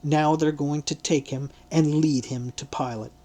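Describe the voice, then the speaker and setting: A man's voice: fairly high pitch, fairly even intonation, unhurried, mellow. A man reading an audiobook voicing an agitated temple servant announcing news urgently.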